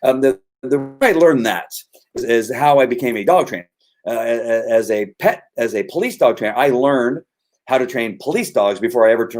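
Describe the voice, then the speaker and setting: A man's voice: on the low side, a little mellow. A man who trains dogs, explaining his methods in casual talk and often restarting his sentences. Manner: rambling, with many restarts and repeated words. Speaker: dog trainer.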